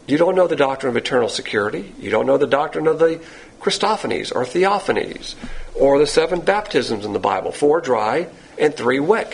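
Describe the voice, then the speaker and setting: A male preacher with a gravelly, husky voice that sits a little high for a man. He teaches in a blunt, emphatic way, asking rhetorical questions and knocking down the answers. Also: low-quality recording. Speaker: pastor teacher. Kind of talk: sermon.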